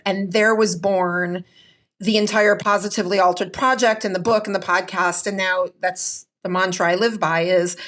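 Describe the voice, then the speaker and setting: Emphatic woman telling her story. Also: medium pitch. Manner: energetic, emphatic, often adds "right?". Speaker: guest, physician and author. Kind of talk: conversational interview storytelling.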